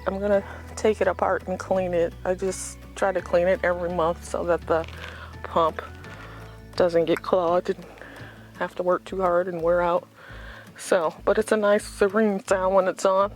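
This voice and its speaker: A woman's voice: medium pitch, steady tone, moderate pace, faint music behind. Chatty woman rambling through a garden tour. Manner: chatty, rambling, self-deprecating asides. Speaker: home gardener giving a yard tour. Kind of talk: casual unscripted garden tour. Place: outdoors in a front yard garden.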